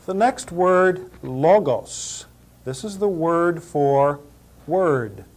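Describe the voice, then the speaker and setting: A man's voice: fairly high pitch, darkish tone. A man teaching New Testament Greek pronunciation. He spells out letters and repeats each word several times. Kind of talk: slow spoken pronunciation lesson.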